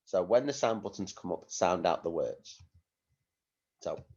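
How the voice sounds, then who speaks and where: A male primary school teacher giving a phonics lesson to young children, speaking slowly in a sing-song way and asking many tag questions. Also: deep voice, animated, a little mellow, lo-fi sound.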